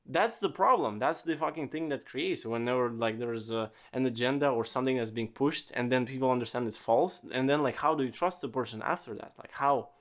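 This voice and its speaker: A man's voice: mid-range voice, fairly quick, few pauses, a bit bright. A man hosting a casual solo podcast, rambling with lots of fillers and swearing freely. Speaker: podcast host.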